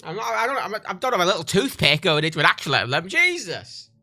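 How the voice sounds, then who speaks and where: A British man livestreaming in loose, crude chat that keeps doubling back on itself. His voice swings widely in pitch, and his tone is bright and forceful. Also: big pitch swings, a little fast, faint music behind. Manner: rambling, crude, self-interrupting.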